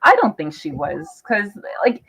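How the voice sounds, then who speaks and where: A woman's voice: mid-range voice, wildly swooping pitch, unhurried, a bit bright. A Canadian-born woman on a live discussion panel, talking emphatically with lots of fillers and cutting in over others. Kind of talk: casual group discussion. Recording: dull lo-fi live stream audio.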